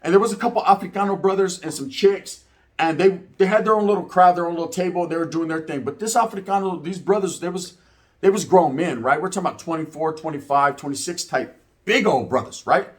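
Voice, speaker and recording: A man's voice: high-pitched, fast talker. Profane streetwise man telling stories. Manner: profane, streetwise, keeps tagging "right?". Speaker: reaction video host. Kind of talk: casual storytelling and commentary.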